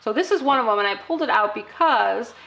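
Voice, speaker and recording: A woman's voice: on the high side, expressive, fast, vocal fry, fairly bright tone. A middle-aged woman teaching parents a toddler activity, often breaking into exaggerated sing-song child-directed talk. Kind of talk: instructional demo for parents.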